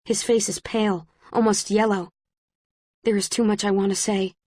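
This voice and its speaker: A woman reading a first-person story as an audiobook narrator, in a measured storytelling manner. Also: mid-range voice, flat delivery, darkish tone, no room sound, studio quality. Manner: measured, present-tense storytelling.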